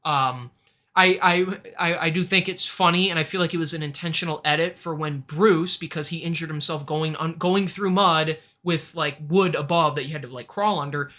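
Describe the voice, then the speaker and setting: A man's voice: a little high, normal speed, bright, forceful tone. A man hosting a casual podcast, recapping a show in a chatty way and acting out quotes. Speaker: podcast host. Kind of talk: casual chat.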